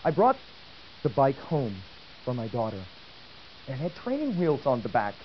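Male lecturer, animated storyteller, lively pitch, dull hissy tape. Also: normal speed. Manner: animated, asks the audience questions. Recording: dull old tape with faint hiss.

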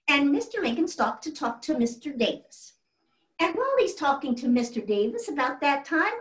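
On a stage before a live audience, an actress plays a historical first lady, a genteel 1800s widow, in a one-woman reenactment. Her voice sits on the high side as she tells family stories fondly and chattily, full of exclamations. A distant mic picks her up in a roomy hall.

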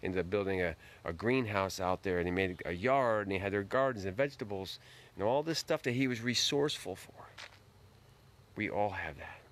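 Low-voiced man giving a folksy pep talk. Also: moderate pace, fairly bright tone. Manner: greets viewers by name, folksy and earnest. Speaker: motivational live-stream host. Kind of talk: casual motivational talk. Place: outdoors at night.

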